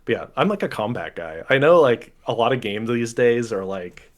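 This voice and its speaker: A man and game master chatting on a podcast, animated, self-mocking and quick to laugh. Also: medium pitch. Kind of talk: casual podcast chat.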